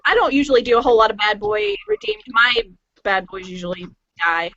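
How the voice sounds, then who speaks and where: A woman author chatting on a podcast panel, thoughtful and rambling with many pauses. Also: mid-range voice, sing-song, sharp tone, no echo. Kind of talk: casual chat. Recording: dry, dull lo-fi audio.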